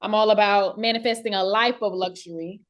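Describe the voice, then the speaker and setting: A woman hosts a relaxed conversation with a mid-range voice. She talks casually, often restarting her sentences. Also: mid-range voice, brisk. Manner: affirming, laughs easily, restarts sentences. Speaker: host and business owner.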